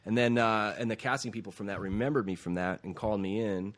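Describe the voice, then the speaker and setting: A man's voice: on the low side, fast talker. A middle-aged man, an actor guest, telling a story in a casual interview and acting out quoted lines. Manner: animated, acts out quoted lines.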